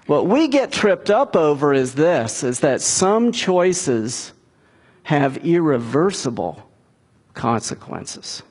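A middle-aged man preaching a sermon, retelling a scripture story and giving the characters' lines in a raised, animated voice. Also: fairly high pitch, slow pace, breathy edge. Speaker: pastor.

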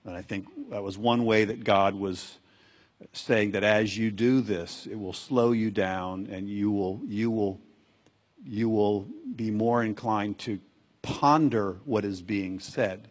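A man's voice: fairly low pitch, steady tone, takes it slowly. A man preaching a sermon as a pastor, earnest and exhorting, repeating phrases for emphasis.

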